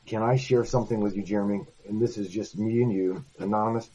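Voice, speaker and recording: A man's voice: on the low side, fairly even intonation, fast, warm tone, husky, dull audio. A man in a heated voice-chat debate, exasperated and cutting in repeatedly. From United States. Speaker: voice chat participant. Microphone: computer mic in voice chat.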